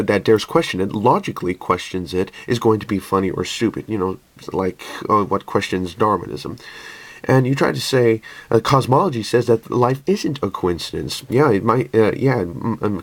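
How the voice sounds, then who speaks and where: Raspy hoarse young man, argumentative. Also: fairly low pitch. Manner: argumentative, halting with many restarts and fillers. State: hoarse from a sore throat. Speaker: YouTube channel host. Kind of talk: casual video rebuttal.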